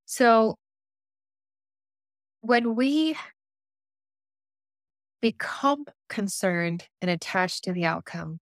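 Female life coach, interview guest, lively storyteller, mid-pitched, dry recording. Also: very slow, long pauses, no echo. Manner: animated, acts out dialogue in her stories; frequent self-restarts and fillers.

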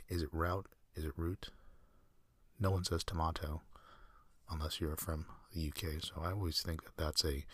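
A man hosting a sleep podcast, talking in a soft, slow, meandering half-whisper with dry self-mocking humor. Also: rumbling low, breathy edge, no echo. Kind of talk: rambling whispered bedtime monologue.

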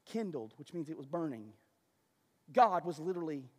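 High-voiced man preaching in a reverberant hall. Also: sing-song, moderate pace, mellow. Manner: emphatic, conversational preaching with asides. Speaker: pastor. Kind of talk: sermon.

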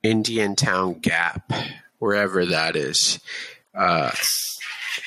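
A man's voice: low-pitched, very slow, bright, forceful tone, dry recording. A man in his thirties telling a story on a podcast in a laid-back, casual way, with plenty of fillers and swearing. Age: 30s. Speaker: podcast guest.

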